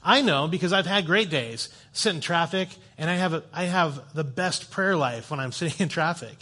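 The guest preacher's voice runs on the high side with a sharp tone and a moderate pace. Before a church congregation in the sanctuary, he preaches in a chatty, storytelling manner laced with self-deprecating jokes.

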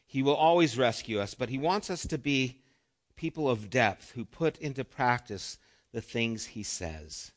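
This pastor, a middle-aged man, speaks at an unhurried pace in a medium pitch with lively intonation. His preaching is earnest and conversational, full of questions to the room and softly dropped phrases.

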